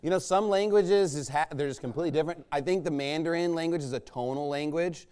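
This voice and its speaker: A fast-talking pastor with a fairly high, clean voice that carries a darkish tone preaches in a folksy, rambling, conversational style, checking in with his listeners through rhetorical questions.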